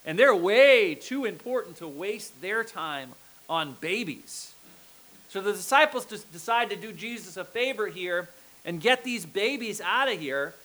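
Preaching in a rough recording, a male pastor speaks unhurriedly in an expressive, somewhat bright voice that sits high. His sermon is conversational, and he keeps checking in with the congregation through "okay?" and "right?".

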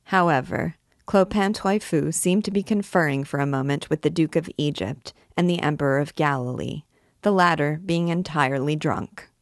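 A woman reads a classic novel aloud, measured and expressive. Her voice sits low for a woman, and the recording is dry and close with no room sound. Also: dry recording. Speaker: reader of a book.

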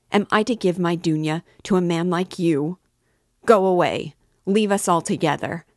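A woman's voice: lowish voice, a little mellow, no room sound, studio quality. A woman reading the part of an indignant older mother who reproaches a suitor heatedly.

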